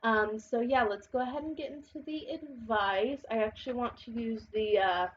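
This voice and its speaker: A woman's voice: on the high side, moderate pace, lo-fi sound, a little hiss or hum. A woman giving a casual tarot reading, chatty and blunt, who swears and laughs a lot and sounds a little congested and unwell. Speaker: tarot reader.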